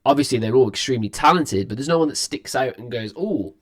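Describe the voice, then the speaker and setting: A man's voice: mid-range voice, animated, fast. A young man hosting a music reaction video, chatting casually and rambling with frequent restarts, sounding tired. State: tired, yawning.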